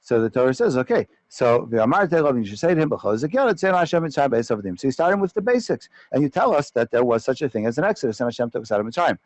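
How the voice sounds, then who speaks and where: Animated rabbi, dry close sound. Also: male voice, medium pitch, very fast, few pauses, dry recording, poor audio. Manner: animated, with frequent stumbles and repeated words. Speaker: rabbi teaching a class. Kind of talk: Torah class lecture.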